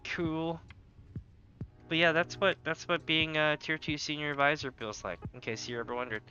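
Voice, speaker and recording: A man talks casually to his viewers while he plays, drifting into long anecdotes broken up by quick jokes. His voice is bright and pushy with energy. The stream audio is a little muffled, with faint game music underneath. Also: fairly high pitch. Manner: rambling, anecdotal, jokey asides. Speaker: gaming streamer. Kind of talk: casual livestream chat while gaming.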